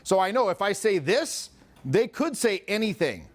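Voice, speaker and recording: A man in his forties, a social skills coach, talking casually in an animated, profane way and acting out other people's voices. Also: high-pitched, normal speed. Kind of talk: casual chat.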